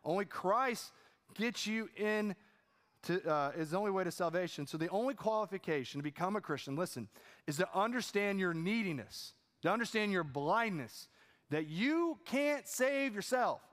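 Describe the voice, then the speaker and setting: A man preaching from the stage of a church. His voice sits a little high and carries a long reverb through the room. He talks in an easy, conversational way, then drives points home with repeated, rising lines. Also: expressive, moderate pace, fairly bright tone. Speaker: pastor. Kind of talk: sermon. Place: church auditorium.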